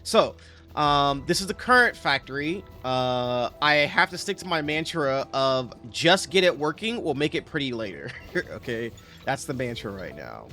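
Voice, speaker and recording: A man's voice: mid-range voice, very animated, moderate pace, sharp tone, soft background music. A man giving casual, rambling commentary over his factory-building game, correcting himself often as he talks. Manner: rambling, self-correcting, chatty. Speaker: game streamer.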